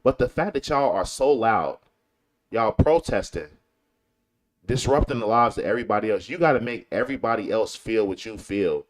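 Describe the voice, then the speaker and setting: Man, from Chicago, casual commentary host, slangy, repeats for emphasis, lively voice. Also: fairly low pitch, normal speed. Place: lives in Texas.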